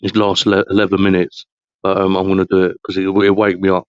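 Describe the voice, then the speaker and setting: A man's voice: low voice, completely flat delivery, fast talker, clean tone, dry recording, muffled recording. A man from hosting a long live podcast, chatting casually in a tired, rambling, slangy way. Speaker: podcast host. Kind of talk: casual late-night chat.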